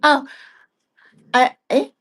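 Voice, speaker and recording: A woman practicing English conversation, hesitant and halting, often asking for repeats and answering with short backchannels. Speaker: English learner.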